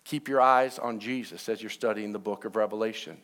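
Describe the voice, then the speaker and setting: A man preaching a sermon to his church, mixing joking asides with slow, emphatic preaching. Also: on the low side, steady tone, a bit bright. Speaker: pastor.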